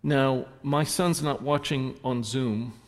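A man preaching in a church, telling stories and swinging between soft reflective moments and animated punchlines. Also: medium pitch, slow, long reverb tail. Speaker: pastor. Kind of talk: sermon. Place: church sanctuary.

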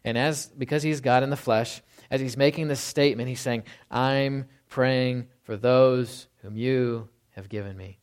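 A man preaching a sermon in a relaxed, conversational way, often checking in with "right?" and slowing down to read scripture. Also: medium pitch, smooth. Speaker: pastor.

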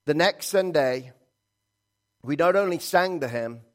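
A man preaching a sermon in an earnest, halting way, reading scripture and hymn lines aloud. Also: on the high side, expressive. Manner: earnest, halting, with restarts and quoted prayers.

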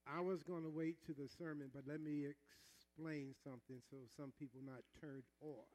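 A man preaching a sermon, calling on the congregation to repeat after him, moving between chatty asides and shouted peaks. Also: on the high side, fairly even intonation, moderate pace, low-quality recording. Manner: call-and-response preaching, calls on the congregation to repeat; swings between conversational asides and shouted climaxes. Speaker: pastor.

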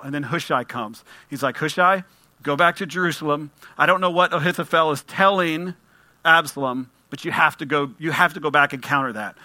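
A man's voice: fairly high pitch, fairly quick, sharp tone, dry recording. A man preaching a sermon, speaking conversationally and reading scripture aloud with emphasis. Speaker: pastor.

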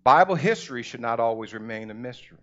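A middle-aged male pastor preaching a sermon and reading scripture, with an emphatic delivery that calls on the congregation and slows down to stress key words. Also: medium pitch, expressive. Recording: dull lo-fi recording.

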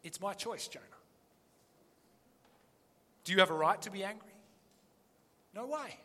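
A man's voice: sits high, lively intonation, a little slow, pushed and bright, big-room sound, full character voice. A man preaching who voices God firmly rebuking a sulking prophet.

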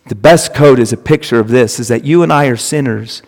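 Speaking a little fast in a mid-range, slightly mellow voice, a male pastor preaches emphatically, repeating phrases to drive points home. His sanctuary adds a long church-hall reverb.

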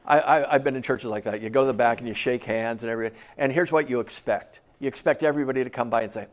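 A man preaching a sermon as a pastor. He talks in a conversational way and acts out the people he quotes in a lower, quieter voice. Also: fast.

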